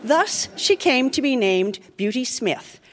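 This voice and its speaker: A woman's voice: high voice, very animated, slow pace. A woman hosting a live show, reading a mock fairy tale aloud on a theatre stage in a theatrical, mock-solemn storytelling manner. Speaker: podcast host reading aloud. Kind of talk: live comic dramatic reading.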